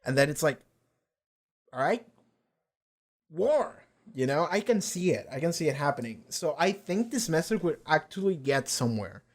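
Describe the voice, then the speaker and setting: A man's voice: a little high, sing-song, normal speed. A young man hosting a casual reaction video, rambling through an episode with lots of fillers and swearing. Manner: loose and rambling, swears a lot, many fillers.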